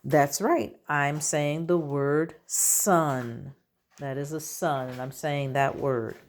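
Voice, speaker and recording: A woman with a low voice leads young children through a phonics lesson. She talks very slowly and patiently, sounding out each letter of simple words. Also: steady tone. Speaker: kindergarten teacher.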